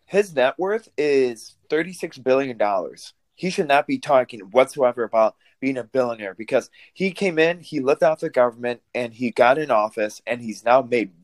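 A man who immigrated to the US, co-hosting a political talk show and ranting in a fired-up, emphatic way with quick restarts. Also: medium pitch, lively intonation, no room sound. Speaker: co-host.

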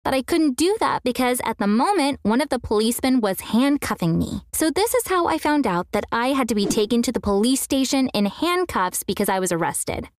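A young woman with a slightly high voice tells a scripted first-person story. She reads in an earnest way and gives the quoted lines a little acting. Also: animated, fairly quick, few pauses, no echo.

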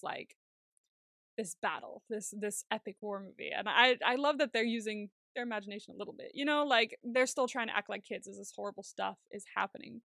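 A woman co-hosting a casual TV recap podcast, chatty and quick to swear and laugh. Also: mid-range voice, bright, forceful tone, no echo, studio quality. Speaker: podcast co-host.

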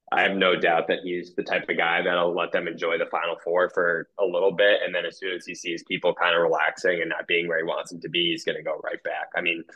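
Young dude guest on a sports pod, real deep voice but bright and punchy, says like a lot. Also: male voice, husky, rough recording. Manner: relaxed, uses many fillers. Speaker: podcast guest. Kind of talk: casual sports chat.

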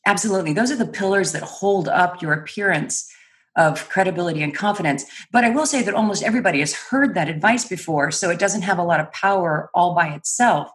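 A woman trainer in an interview, explaining clearly and articulately, often laughing lightly. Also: fairly low pitch, brisk. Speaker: guest, speech and credibility trainer. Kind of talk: interview answers.

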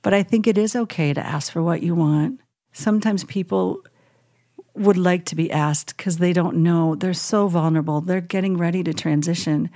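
Gentle low-voiced woman chaplain. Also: normal speed, dry recording, clean studio sound. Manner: gentle, reflective, acts out quoted phrases softly. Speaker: hospice chaplain, co-host. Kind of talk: casual podcast chat.

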